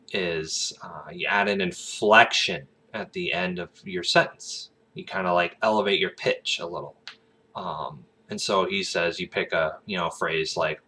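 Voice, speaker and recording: A man with a Southern American accent, an aspiring actor, talking in a casual, rambling vlog with plenty of fillers and restarts. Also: bright, forceful tone. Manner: breaks into brief high-pitched accent imitations.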